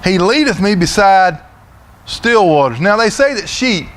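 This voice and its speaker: A middle-aged man with a Southern US accent preaching a sermon in a church, folksy and loud, often repeating his words as he goes. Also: high voice, very animated, unhurried. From Florida, USA. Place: church sanctuary.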